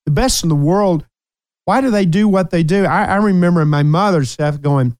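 Upbeat man in his sixties, crisp voice. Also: high voice, lively intonation, moderate pace, darkish tone, dry recording. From United States. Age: 60s. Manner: upbeat, teasing. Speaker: host. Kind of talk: casual chat.

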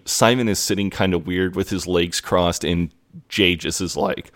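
A man co-hosting a podcast, retelling TV scenes in a relaxed way and laughing easily. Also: sits low, moderate pace. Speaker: podcast co-host. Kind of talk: casual podcast chat recapping a TV episode.

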